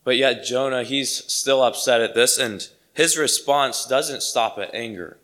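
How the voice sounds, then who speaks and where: A man's voice: medium pitch, unhurried, fairly bright tone. A man preaching a sermon to his congregation, earnest and emphatic, repeating key phrases for weight.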